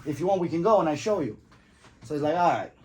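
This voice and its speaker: A man's voice: on the high side, lively intonation, fast, a little mellow. A man, telling a long personal story in a loose, chatty way. He swears freely and acts out what each person said, laughing at his own jokes as he goes. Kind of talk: casual storytelling.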